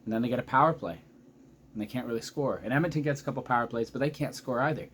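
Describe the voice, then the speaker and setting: Excitable man recapping a hockey game. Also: medium pitch, racing, slight background noise. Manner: excitable, chatty, loses track mid-sentence. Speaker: vlogger, hockey fan. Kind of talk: casual game recap commentary.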